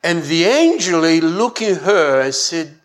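A man preaching a sermon, halting and often repeating words as he restarts his phrases. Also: fairly high pitch, animated.

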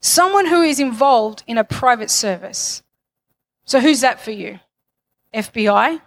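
A woman's voice: on the high side, expressive, a little slow. A woman preaching a sermon, building to fervent declarations and calling on the congregation for amens. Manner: calls for amens.

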